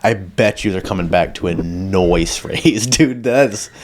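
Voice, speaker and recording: Low-voiced man telling stories casually. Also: unhurried. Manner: loose, profane storytelling. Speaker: podcast host. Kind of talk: casual chat.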